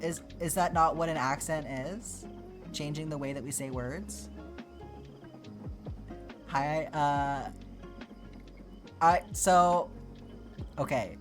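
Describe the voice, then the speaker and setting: A chatty livestreamer talking to viewers in a relaxed, off-the-cuff way while crafting at home. The tone is playful, with mock indignation and teasing back at the chat, and music plays underneath. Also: medium pitch, slow, long pauses. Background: background music.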